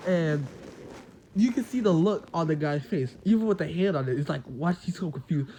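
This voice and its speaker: A man casually telling an imagined fan story, rambling along with lots of "like" and quick quoted lines. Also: on the high side, expressive, warm tone, a little hiss or hum.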